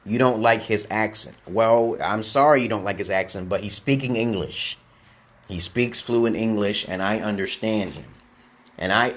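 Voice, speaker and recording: A man's voice: on the low side, a bit bright. A man streaming casually as an online English teacher, who rambles and lectures, tags his sentences with "okay?" and answers viewer comments.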